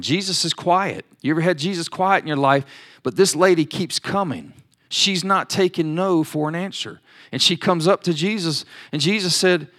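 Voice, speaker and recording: A man's voice: on the high side, moderate pace, a bit bright. A man preaching a sermon, building to emphatic declarations and acting out pleas in prayer. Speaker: pastor.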